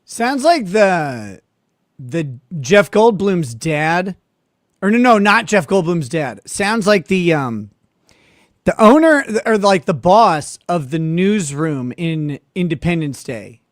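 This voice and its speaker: Guy doing live court reaction commentary, mocking and laughing, slow and dry. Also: high voice, sing-song, no room sound. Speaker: legal commentary host.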